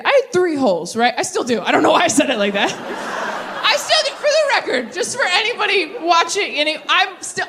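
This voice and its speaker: A woman in her thirties doing a stand-up set with crowd work, quick and self-deprecating, laughing at her own tangents. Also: high-pitched, a bit bright, slight background noise. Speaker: stand-up comedian. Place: theater stage with live audience.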